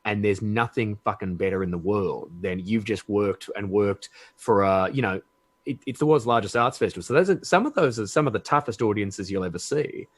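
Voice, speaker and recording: A man's voice: on the low side, fairly quick, husky, no echo. A man with an Australian accent, chatting enthusiastically as a guest and swearing freely. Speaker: guest comedian. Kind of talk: casual chat.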